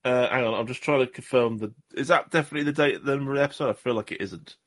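A man's voice: medium pitch, fast. A man from southwest England co-hosting a podcast, rambling and joking at his own expense in casual chat. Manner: jokey, rambling, self-deprecating. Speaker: podcast co-host.

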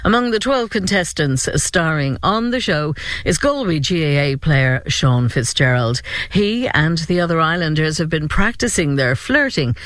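A man reads the radio news in a measured, even voice. His tone sits a little high for a man, and the studio sound is close and dry with no room echo. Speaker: radio newsreader. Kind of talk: scripted news bulletin.

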